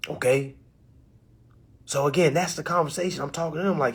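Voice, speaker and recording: A man giving a casual live-stream lecture, animated and full of rhetorical questions. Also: on the high side, brisk, long pauses, slightly rough. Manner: animated, rhetorical questions, acts out phone calls. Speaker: live-stream presenter teaching contract tactics.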